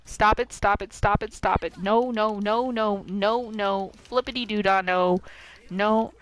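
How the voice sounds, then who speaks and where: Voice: medium pitch, steady tone, a little slow, fairly bright tone, rough recording. A game streamer commentating live with playful drama and talking to the characters on screen.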